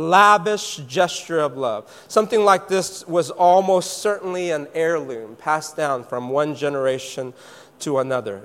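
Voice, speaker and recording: Male preacher, slightly high voice, playful storyteller, long hall reverb. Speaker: pastor. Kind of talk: sermon.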